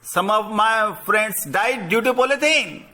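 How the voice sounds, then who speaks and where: Man reading a fretful farm cow in a children's lesson, high and slow. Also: sharp tone. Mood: complaining. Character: worried farm cow complaining about food.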